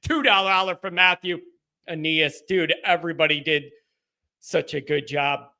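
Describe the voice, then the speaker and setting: A man hosting a live postgame fan call-in stream, talking emotionally and excitably and sometimes shouting. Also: fairly high pitch, normal speed. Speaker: host of a fan call-in show.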